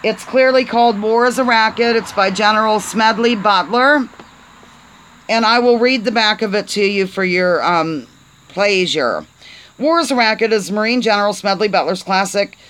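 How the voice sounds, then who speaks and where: A chatty woman hosting a casual live stream, with a playful, rambling way of talking and a bright, sharp tone. She reads aloud in fits and starts and cheerfully trips over words as she goes. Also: medium pitch, moderate pace, low-quality recording. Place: on a porch, outdoors.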